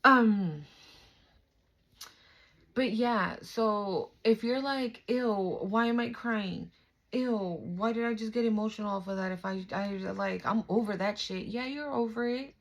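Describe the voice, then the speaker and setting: A young woman talks straight to her viewers through a spiritual card reading. Her tone is loose and chatty, full of fillers, reassurance and casual swearing, and her voice sits at an everyday middle pitch. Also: poor audio. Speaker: tarot reader.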